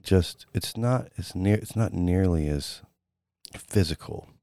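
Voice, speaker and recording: A man's voice: deep voice, animated, mellow, no echo, clean studio sound. A man narrating and playing characters in a tabletop role-playing game, rambling with many fillers. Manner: rambling, fillers, switches into quick character voices. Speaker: player and narrator.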